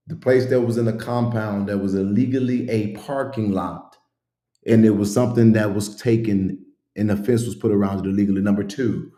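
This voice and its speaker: A man's voice: on the low side, mellow, reverberant. A man giving blunt, sarcastic commentary in a video.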